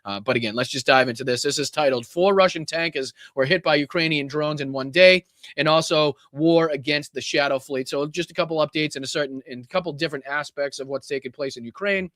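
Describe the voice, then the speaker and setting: A man's voice: fairly high pitch, brisk, a bit bright, dry recording, studio quality. A man with a Boston accent hosting a political livestream podcast, blunt and rambling with lots of fillers and the odd curse. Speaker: podcast host. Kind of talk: casual livestream talk.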